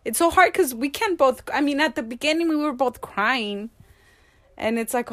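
A woman's voice: high-pitched, animated, moderate pace, fairly bright tone, dry recording. Emotional bilingual woman. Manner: emotional, switches between English and Spanish. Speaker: guest. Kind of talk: personal interview conversation.

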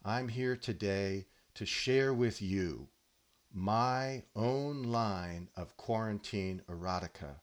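A man hosting a podcast, giving a deadpan comic monologue with mock-earnest, solemn delivery. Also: lowish voice. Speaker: podcast host.

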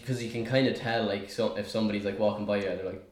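A man's voice: fairly low pitch, fairly even intonation, quick pace. A young man who makes videos, chatting casually and self-deprecatingly. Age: young adult. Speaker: video creator. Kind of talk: casual chat. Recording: echoey room with faint noise.

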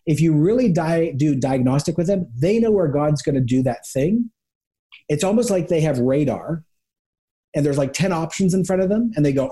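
A man speaks as a guest pastor on an interview podcast, with a mellow, warm tone. He tells lively stories, slipping into quick impressions of the people in them. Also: fairly high pitch. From Canada. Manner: animated storyteller, acts out quick voices of people. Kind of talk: conversational interview.

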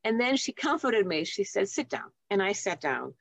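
Her medium-pitched, gravelly voice has a sing-song lilt and a fairly bright tone, at normal speed with no echo. She's a nurse and author in her seventies, telling reflective, heartfelt nursing stories as an interview show guest.

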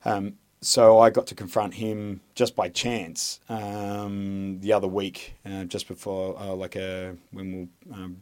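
Aussie veteran bloke, lowish voice, rambles, swears a lot, lots of ums. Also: male voice, little pitch movement, a little slow, few pauses, darkish tone, clear, resonant tone. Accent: Australian. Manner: rambling, frequent swearing, heavy hesitation. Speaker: army veteran guest. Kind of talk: candid podcast interview.

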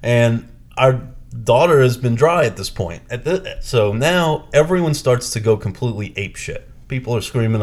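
A man's voice: mid-range voice, moderate pace. A man co-hosting a podcast, telling a story in casual chat and acting out the people in it. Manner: animated, acts out quoted people; chatty, with restarts and fillers. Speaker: podcast co-host.

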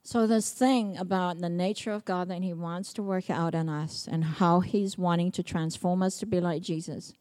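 A woman's voice: fairly low pitch, a little mellow. Emphatic woman preaching. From Samoa. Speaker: pastor. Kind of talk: sermon.

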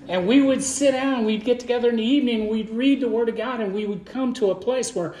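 A man's voice: very high-pitched, a little fast, few pauses, darkish tone. A man preaching a sermon as a Baptist pastor to his congregation, in a fervent, folksy way that often repeats words. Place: church sanctuary. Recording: echoey church room.

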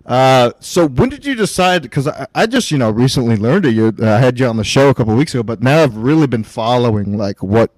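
A man's voice: medium pitch, animated, darkish tone, dry recording, low-quality recording. A man hosting a podcast in casual chat, talking bluntly and swearing freely as he jokes. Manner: blunt, profane, quick to joke. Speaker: podcast host.

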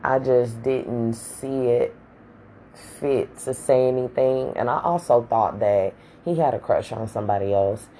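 A woman's voice: rumbling low, a little slow, mellow, slight background noise, rough recording. A woman telling a personal story in a casual, candid and profane way, full of slang.

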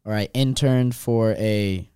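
Smooth-voiced young co-host from Texas. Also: male voice, lowish voice, slow, dry recording, studio quality. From Austin, Texas. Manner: relaxed, filler-heavy. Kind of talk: casual podcast chat.

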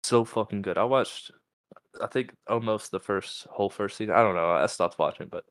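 A young man with a lowish voice rambles through a casual podcast chat, swearing freely as he reads a post aloud and answers it. The sound is dry and close, with no room around it. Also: moderate pace, a bit bright, no room sound. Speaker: podcast co-host.

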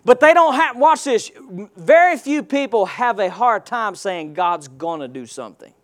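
A man's voice: very high-pitched, animated, moderate pace, fairly bright tone. A male pastor preaching a sermon, firing rhetorical questions and call-and-response prompts at his congregation.

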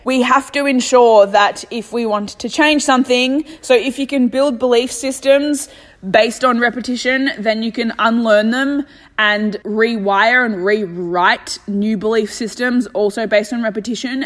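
Australian woman, young adult, solo self-help podcast, blunt and sweary, motivational, a touch high-pitched. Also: moderate pace, in a large hall. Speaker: podcast host.

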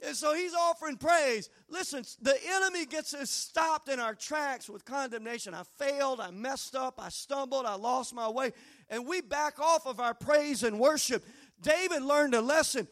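High-voiced preacher building to shouts. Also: male voice, moderate pace. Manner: storytelling that builds to fervent shouting; folksy, humorous asides. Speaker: pastor. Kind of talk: sermon.

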